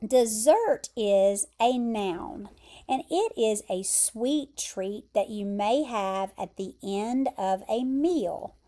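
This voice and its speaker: A woman with an American accent teaching English vocabulary, explaining word pairs carefully and repeating pronunciations clearly. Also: mid-range voice, animated, slow, mellow. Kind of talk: vocabulary lesson.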